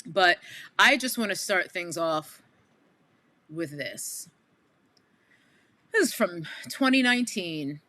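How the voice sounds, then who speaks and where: A woman's voice: on the low side, expressive, takes it slowly, long pauses, bright, forceful tone. A woman from Queens with a New York accent, hosting a casual livestream and chatting to viewers with lots of asides. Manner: chatty, addresses viewers as y'all, frequent asides. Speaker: livestream commentary host. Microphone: headphones with mic.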